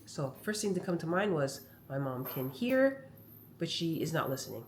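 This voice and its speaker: A woman's voice: deep voice, normal speed, slight background noise. A woman comedian talking casually to her camera at home, chatty and rambling as she tells stories. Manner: chatty, rambling, animated storytelling. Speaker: comedian vlogger. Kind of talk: casual vlog monologue. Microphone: phone camera.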